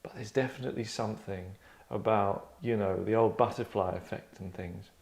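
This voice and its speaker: A man's voice: fairly low pitch, moderate pace, creaky, darkish tone. A middle-aged man hosting a casual discussion, rambling and breaking off his sentences to act out lines. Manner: rambling, self-interrupting, acts out quotes. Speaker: writer and podcast host.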